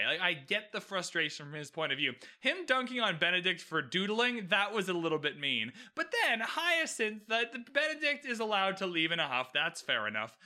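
Animated, swearing male TV recapper. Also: high-pitched. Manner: swearing, emphatic, opinionated ranting. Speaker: TV recap host. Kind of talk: casual recap commentary.

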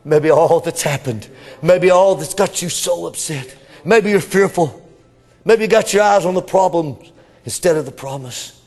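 A man preaching a revival sermon, swinging between shouting and hushed whispers. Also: fairly high pitch, moderate pace, long reverb tail. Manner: addresses congregation members as brother. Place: church.

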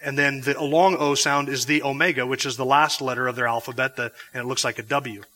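A man teaches a Bible class in a classroom or church hall, his mid-range voice steady, fairly quick and sharp in tone. He explains patiently but restarts often, and the recording has a long hall reverb.

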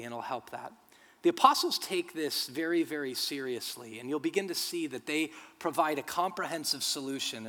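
A man preaching a sermon as a pastor. He teaches earnestly, tells humorous stories and builds to loud, emphatic bursts. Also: a little high. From United States. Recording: long reverb of a large hall.

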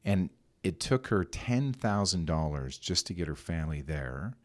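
A man's voice: low voice, sing-song, unhurried. A man hosting a podcast, asking questions and telling stories in a loose, rambling way. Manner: rambling storyteller, loose and conversational. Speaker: podcast host. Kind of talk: casual interview talk.

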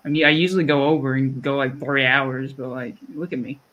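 A man's voice: mid-range voice, steady tone, a little fast, dull audio. A man with a Southern US accent hosting a podcast, rambling and chatty, often restarting his sentences. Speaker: podcast host. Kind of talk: casual chat.

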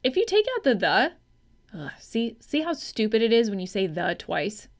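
A woman's voice: medium pitch, very animated, moderate pace. A woman co-hosting a casual movie-review podcast, talking bluntly and swearing, with lots of ums and hedges. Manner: blunt, profane, chatty with hedging fillers. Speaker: podcast co-host.

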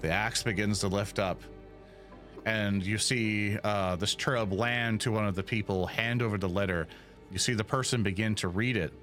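A man's voice: on the low side, normal speed, faint music behind. Man game master narrating a tabletop scene. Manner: lively scene narration with sound effects.

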